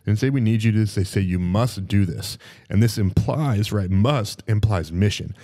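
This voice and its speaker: A man with a fairly low, dark, mellow voice co-hosts a motivational podcast. He speaks emphatically and repeats key phrases to drive each point home. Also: brisk. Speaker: podcast co-host.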